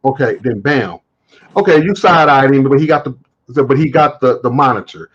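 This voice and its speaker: A man hosting a live stream, telling stories in a casual, animated way and acting out quotes, with some swearing. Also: mid-range voice, moderate pace, slightly rough, dull audio.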